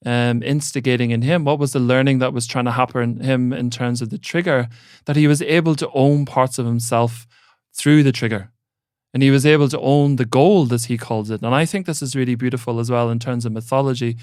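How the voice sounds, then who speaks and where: A man in a mid-range voice speaks as a podcast guest in a thoughtful, grounded way, swearing casually. His voice is smooth and clear. The sound is dry and close. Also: medium pitch, dry recording. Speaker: mentor and coach, podcast guest. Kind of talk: reflective conversational talk.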